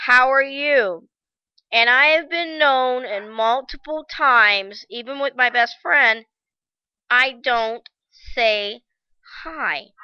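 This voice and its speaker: Smooth-voiced woman telling a story haltingly. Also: high-pitched, no echo, muffled recording. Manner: halting, reflective, many restarts and fillers. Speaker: vlogger. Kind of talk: personal storytelling to camera.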